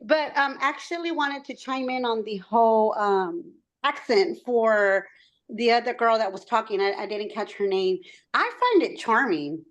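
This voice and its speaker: A woman's voice: a little high, animated, a little slow, dull audio. A woman from Texas with a Texan accent, chatting on a video call as a meetup attendee, talkative and a little self-conscious, mixing in Spanish words. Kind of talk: casual chat on a video call.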